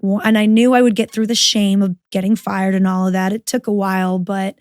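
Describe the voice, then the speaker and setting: A woman speaks as a podcast guest, telling a personal story frankly and with some swearing. She animatedly quotes her own thoughts as she tells it. Her voice sits at a middle pitch, and the sound is close and dry. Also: a little fast, no room sound. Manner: frank and profane, animated retelling with quoted inner voice. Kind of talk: candid conversational storytelling.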